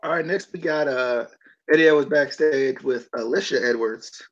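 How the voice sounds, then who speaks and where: A man hosting a podcast in a casual chat, animated and given to incredulous outbursts. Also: medium pitch, moderate pace, a little hiss or hum. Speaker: podcast host. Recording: dull lo-fi mic.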